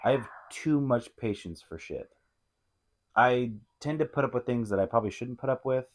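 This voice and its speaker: A man's voice: medium pitch, moderate pace. A man co-hosting a casual couples podcast, laid-back and prone to restarting his sentences and laughing. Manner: laid-back, repeats himself, laughs easily. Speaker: podcast co-host. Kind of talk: casual chat.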